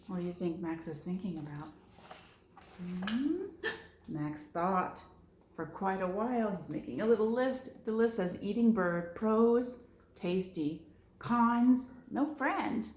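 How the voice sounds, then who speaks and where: Slow, gentle storytime librarian. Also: female voice, medium pitch, echoey room. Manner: gentle, animated asides to children. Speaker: children's librarian. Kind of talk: storytime read-aloud for preschoolers.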